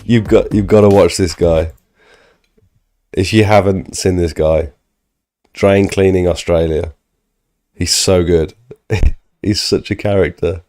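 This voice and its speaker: Deep, mellow-voiced man reacting on stream. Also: fairly even intonation. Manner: laid-back, chatty, quick to laugh. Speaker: live streamer. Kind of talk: casual live-stream reaction.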